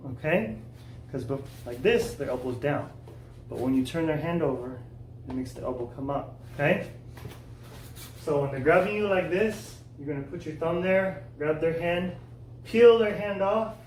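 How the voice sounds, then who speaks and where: A man teaching a kids' martial arts class, coaching step by step, checking in with "okay?" and shouting loud kiai cries. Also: fairly high pitch. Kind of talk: follow-along class instruction for kids. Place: indoor martial arts studio. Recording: echoey room, from far off, faint noise.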